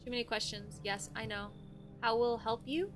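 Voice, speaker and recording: A woman's voice: a little high, normal speed, over music, close to an everyday voice. A woman voicing a creepy, menacing visitor who speaks in short, broken phrases. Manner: broken clipped English, short flat phrases.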